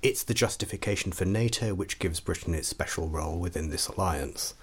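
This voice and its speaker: A man's voice: deep voice, brisk, slightly rough. A man speaking in a formal, academic way as a commentator on a panel. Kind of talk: panel discussion.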